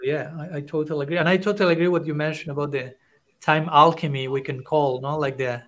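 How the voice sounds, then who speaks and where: A man's voice: on the high side, steady tone, fast. A middle-aged man hosting a podcast interview who speaks thoughtfully and hesitantly, often repeating words. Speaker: podcast host, monk. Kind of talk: conversational interview.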